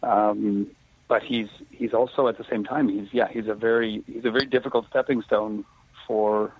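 A man with a husky voice speaks as a guest over a tinny, phone-like line. He chats casually and picks his words with care, dodging spoilers. The sound is dry and close. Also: lowish voice, little pitch movement, no echo. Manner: careful and measured, avoids spoilers. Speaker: actor guest. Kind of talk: casual interview chat.

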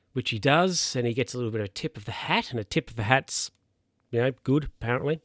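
A man's voice: medium pitch, brisk, a bit bright, no echo, clean studio sound. Rambling man recapping a film. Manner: rambling, filler-heavy, self-correcting.

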